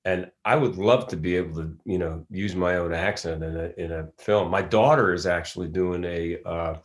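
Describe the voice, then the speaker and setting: A middle-aged Philadelphia man, an actor, chats casually in an interview, wandering through stories and often starting over. His voice sits low and steady at a normal speed.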